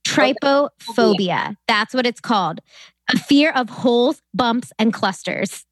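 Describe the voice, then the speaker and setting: A young woman co-hosting a podcast, chatty and laughing often, with sudden quick bursts of talk. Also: fairly high pitch, a bit bright, no room sound. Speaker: podcast co-host. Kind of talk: casual chat.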